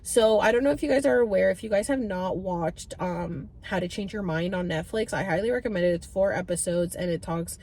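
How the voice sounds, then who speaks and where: A woman's voice: lowish voice, fairly quick, hardly any pauses, slight background noise. Chatty woman vlogging. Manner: chatty, animated, swears freely, many fillers. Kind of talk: casual storytelling to camera.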